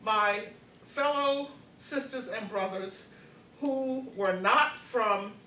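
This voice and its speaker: A woman's voice: a little high, slow pace, sharp tone, reverberant, a little hiss or hum. Older woman reminiscing on a distant call. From Baltimore. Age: 80s. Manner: hesitant, many fillers and restarts, laughs often. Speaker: panelist. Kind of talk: reflective panel talk. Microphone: video call.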